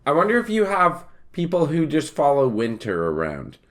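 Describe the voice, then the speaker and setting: A man's voice: a little high, huge pitch swings, normal speed, a bit bright. A man co-hosting a podcast, rambling easily through casual chat and often laughing. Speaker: podcast co-host.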